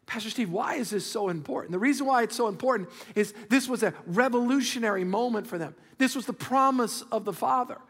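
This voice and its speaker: A man preaching a sermon as pastor, animated and conversational, calling out to the congregation for responses. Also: extremely high pitch, brisk, few pauses, long reverb tail. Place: large church auditorium.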